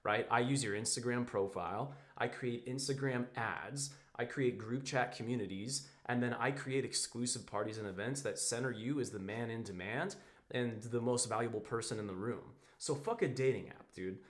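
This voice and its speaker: A man coaching other men on dating in a blunt, slangy monologue. He swears casually, keeps tossing in "bro" and "right?", and acts out text exchanges in quick quoted voices. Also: medium pitch. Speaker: dating and social-circle coach. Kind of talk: direct-to-camera advice monologue.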